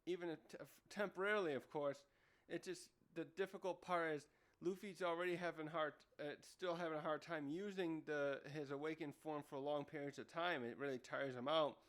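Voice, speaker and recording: A manga reviewer talks casually through a comic chapter, rambling and thinking aloud as he keeps correcting himself mid-sentence. His voice is a little high and fairly bright, with a steady tone and a slightly fast pace.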